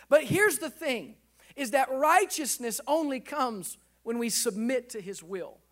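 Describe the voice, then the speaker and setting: A man in his thirties, a pastor, preaching a sermon with animated delivery and acted-out dialogue. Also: very high-pitched, a little slow.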